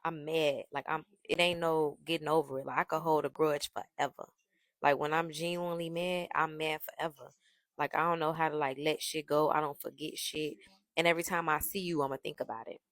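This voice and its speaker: A woman tells a storytime in a brash, profane, animated way. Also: low voice, brisk, no room sound. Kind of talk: casual storytime.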